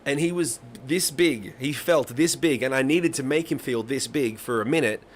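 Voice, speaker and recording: A man's voice: medium pitch, moderate pace. A man in his thirties hosting a live songwriting stream, chatting casually and swearing freely as he tells rambling stories. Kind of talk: casual chat to a live audience.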